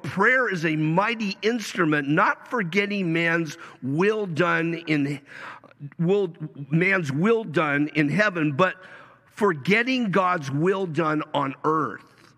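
A man preaching a sermon as pastor, with emphatic swings in pitch and pace. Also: slow pace, pushed and bright. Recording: preached in a hall with long reverb.

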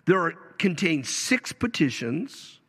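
A man preaching a sermon as pastor, with emphatic swings in pitch and pace. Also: very animated, slow pace, fairly bright tone, slightly rough. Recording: preached in a hall with long reverb.

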